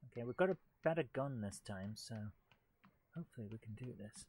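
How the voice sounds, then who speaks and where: A man's voice: mid-range voice, animated, brisk, darkish tone, slightly rough. A man streaming a game live, chatting playfully with viewers and joking as he plays. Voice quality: playful, jokey, puts on silly voices. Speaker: let's play streamer. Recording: noisy game audio behind. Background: game sounds and gunfire.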